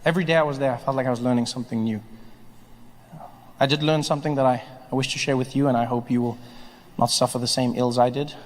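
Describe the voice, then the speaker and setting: A man performing a stand-up comedy set, animated and storytelling, acting out voices and building to shouts. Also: mid-range voice, quick pace. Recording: live stage with long reverb.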